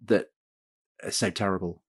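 A man co-hosting a conversational discussion, asking questions with halting, repeated words. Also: deep voice, fairly even intonation, slightly rough.

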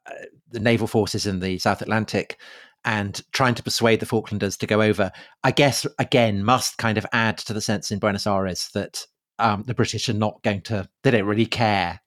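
A man hosting a casual history podcast, prompting his guest with halting, restarting questions. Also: on the low side, steady tone, a bit bright. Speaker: podcast host asking questions.

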